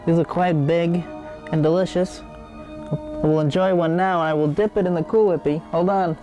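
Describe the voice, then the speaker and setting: A man's voice: on the high side, fairly even intonation, normal speed, mellow, faint music behind. A man hosting a comedic cooking show, rambling and digressing with many hesitations.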